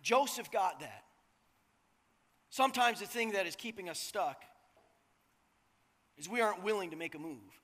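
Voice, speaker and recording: A pastor in his thirties preaches in a loose, joking, conversational way, often checking in with his listeners. His voice is very high and bright for a man. A long reverb from the hall trails his words. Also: lively intonation, normal speed, long pauses. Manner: casual, joking, conversational, asks the crowd "right?". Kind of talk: sermon.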